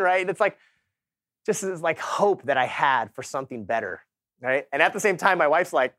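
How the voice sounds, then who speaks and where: A man's voice: on the high side, normal speed, no echo, studio quality. A man in his thirties from Southern California giving a motivational sales talk, telling his story in casual, slangy words and acting out the people in it. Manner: animated storytelling, acts out quoted people. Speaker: keynote speaker.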